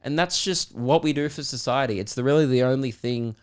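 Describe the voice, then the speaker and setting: A young Australian man, a comedian and podcast host, telling an animated, rambling story with lots of swearing. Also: mid-range voice, fairly quick, smooth. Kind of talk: casual storytelling.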